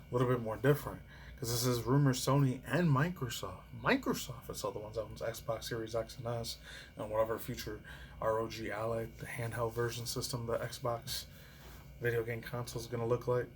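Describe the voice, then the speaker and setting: A man's voice: medium pitch, slight background noise. A man vlogging in casual, rambling commentary, swearing freely and often laughing. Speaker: reaction and news vlogger.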